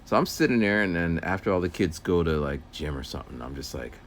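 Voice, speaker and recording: A man's voice: deep voice, lively intonation, fast, a little hiss or hum. A man who works as a teacher's aide, rambling through a casual story outdoors while walking and acting out voices. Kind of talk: casual walking vlog monologue.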